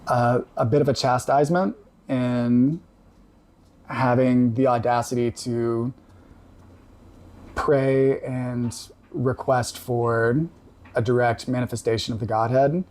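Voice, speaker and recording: A man's voice: mid-range voice, steady tone, darkish tone. Guy telling a long personal story on a podcast, thoughtful, stops and starts a lot. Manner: reflective, halting with many fillers. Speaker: podcast guest. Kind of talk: casual storytelling.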